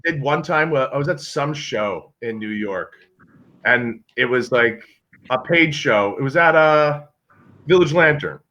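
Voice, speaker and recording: A man with a bright, forceful voice and a lively, swinging pitch, telling animated stories and reading questions in a casual chat. The sound is dull and lo-fi, like call audio. He tends to act out the people in his stories. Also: measured pace. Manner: animated storyteller, acts out voices.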